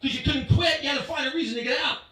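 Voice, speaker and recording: High-voiced male stand-up comic. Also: very fast, very echoey, distant mic, low-quality recording. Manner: punchy, animated crowd work. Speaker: stand-up comedian. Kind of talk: stand-up comedy set. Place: comedy club stage before a live audience.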